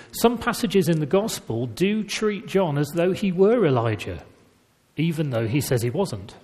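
A man preaching a sermon in a conversational, storytelling way. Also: fairly high pitch. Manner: conversational storytelling with lively emphasis. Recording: reverberant church hall.

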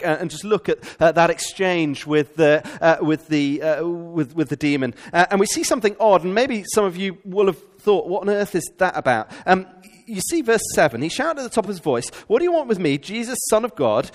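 Animated preacher with a high voice. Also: male voice, moderate pace, hardly any pauses, long reverb tail. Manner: animated, rhetorical questions to the congregation. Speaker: pastor. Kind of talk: sermon.

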